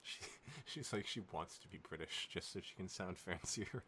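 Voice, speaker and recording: A man's voice: low-pitched, normal speed, bright, forceful tone, a little hiss or hum. A man co-hosting a fan-fiction podcast who riffs playfully and laughs often while chatting about the story. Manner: playful, giggly, riffing. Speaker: podcast co-host. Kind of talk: casual comedic chat about fan fiction.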